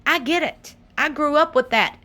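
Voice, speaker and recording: A woman hosting her own channel, talking straight to her viewers in a sassy, animated, casual commentary. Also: high-pitched, moderate pace.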